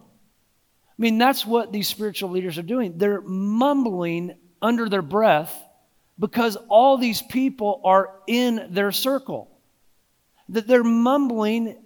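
A married man preaching a sermon in a conversational way, with frequent asides and small restarts. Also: sits high. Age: adult, married. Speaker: pastor.

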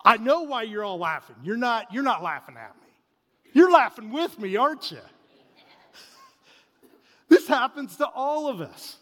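A man in his forties preaching a sermon, telling a family story in an animated way that swings between loud bursts and hushed asides. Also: very high-pitched, measured pace, long pauses. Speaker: pastor. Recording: reverberant hall.

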